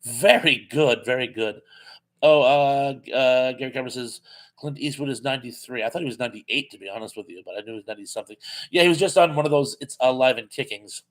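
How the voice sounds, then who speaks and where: A man hosting a live chat, reading out viewer comments and answering them in a casual, chatty way with many pauses and fillers. He is losing his voice. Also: medium pitch. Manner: reads viewer comments aloud and responds, chatty with frequent "uh".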